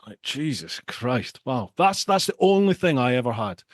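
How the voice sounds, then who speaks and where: A middle-aged man telling a story in casual chat, animated and prone to repeating words. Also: mid-range voice, moderate pace, no room sound, studio quality.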